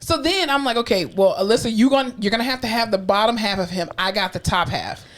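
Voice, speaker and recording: A woman co-host recounting a shift on a podcast in a relaxed, conversational way. She drops the odd curse and slips into the voices of the people in her story. Her speaking pitch is middle-of-the-road. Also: quick pace. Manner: laid-back, swears, acts out quoted voices. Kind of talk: casual storytelling chat.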